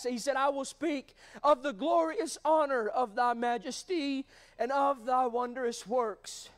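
A man preaching a sermon in a church, fervent and rising to shouts at times, calling out to the congregation. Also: very high-pitched. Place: church sanctuary.

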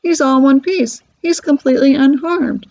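Storybook eccentric: a woman reads a breezy, whimsical factory owner, husky gravelly tone, lo-fi sound. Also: fairly high pitch, a little fast, darkish tone. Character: eccentric cheerful male candy-factory owner. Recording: dull lo-fi recording.

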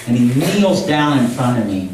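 An older man giving a storytelling sermon as a camp chapel speaker, animated and laughing as he acts out quoted lines. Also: medium pitch, moderate pace. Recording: echoey hall, distant mic, noisy.

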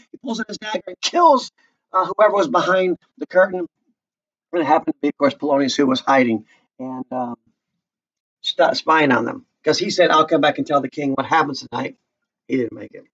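A man's voice: on the high side, moderate pace, fairly bright tone, muffled recording. A man casually explaining a play to his class, chatty and loose, breaking into short dramatic readings of the lines. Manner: chatty, slips into character voices.

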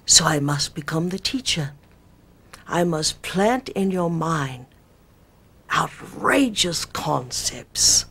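A woman's voice: low voice, lively intonation, vocal fry, a bit bright, slightly rough, full character voice. A woman voicing an ancient male spirit teacher in a put-on British accent, giving grandiose, solemn pronouncements as a channeling performance. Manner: slow, stately pronouncements.

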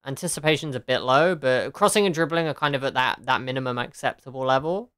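Girl streaming a game, chatty and giggly, smooth voice, dry mic. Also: extremely low pitch, fast, a bit bright, no room sound. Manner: chatty, laughs often, swears, answers chat. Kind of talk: casual live-stream chat.

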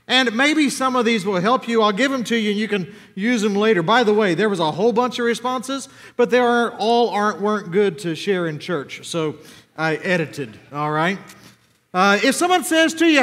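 A man's voice: very high-pitched, expressive, moderate pace, sharp tone. A man preaching a conversational sermon as pastor, asking his congregation questions. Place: church sanctuary. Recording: church hall with long reverb.

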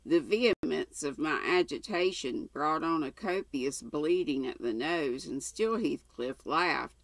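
A woman's voice: low-pitched, animated, unhurried, no room sound. Older woman reading a classic aloud. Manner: plain reading with occasional stumbles. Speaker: audiobook reader.

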